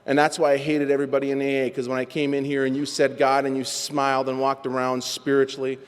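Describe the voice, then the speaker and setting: A man speaking at a recovery meeting, telling his personal story in an animated, self-mocking way. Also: mid-range voice, quick pace, smooth. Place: meeting hall. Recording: long reverb from a large hall.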